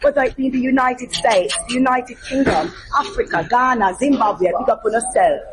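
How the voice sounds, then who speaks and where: A woman hosting a casual backstage interview, talkative and lively, hyping her guest and sponsors. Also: a little high, moderate pace. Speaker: host and interviewer. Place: backstage media room at a music festival. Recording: noisy backstage room.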